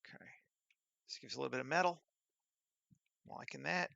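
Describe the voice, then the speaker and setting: A man's voice: mid-range voice, fairly quick, gravelly, sharp tone, no room sound, muffled recording. A man working on a 3D scene who thinks aloud, muttering half-finished commands to himself.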